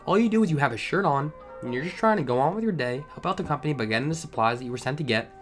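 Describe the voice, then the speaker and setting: A man reads online stories and riffs on them with animated, ranting humor. He talks at a quick clip, and soft background music runs beneath his voice. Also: on the high side. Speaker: storytime channel host. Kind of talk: reading online stories with comedic commentary.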